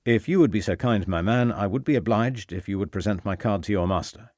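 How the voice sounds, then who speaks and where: A man's voice: fairly low pitch, a little fast, a little mellow, dry recording, clean studio sound, lightly acted. A man voicing a courteous, formal Victorian police inspector.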